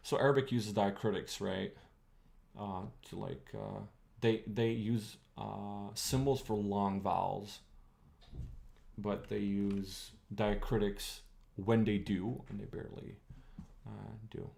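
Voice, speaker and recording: A young man streaming casually, working through an old text out loud with many pauses and questions to his chat. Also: lowish voice, steady tone, vocal fry. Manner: thinking aloud, halting, reads words out slowly, asks the chat.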